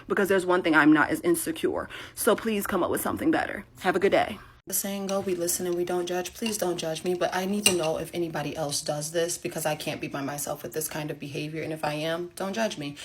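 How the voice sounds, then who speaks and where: A woman telling a sarcastic, animated story straight to the camera in a casual monologue. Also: low voice.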